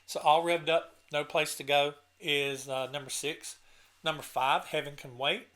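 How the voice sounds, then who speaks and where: A man with a bright, fairly high voice talks in a casual, rambling way, earnest and full of enthusiasm. He sounds emotional at times, close to being choked up, and he often breaks off and restarts his sentences. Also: fairly even intonation, a little slow. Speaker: channel host reviewing an album. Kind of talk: casual talk to camera.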